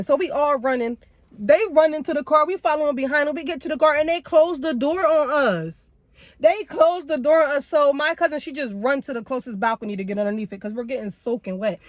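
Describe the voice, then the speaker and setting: A young woman tells a casual storytime in a fairly high, lively voice full of slang. Her pitch leaps up and down as she talks. The sound is dry and close, with no room echo. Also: brisk. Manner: animated slangy storytelling with big pitch jumps. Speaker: vlogger.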